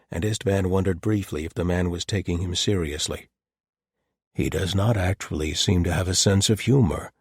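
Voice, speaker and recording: A man reads an audiobook in a calm, measured way. His voice sits low with a husky texture, and the recording is dry and close, with no room sound. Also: no room sound. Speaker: audiobook narrator. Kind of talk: scripted narration.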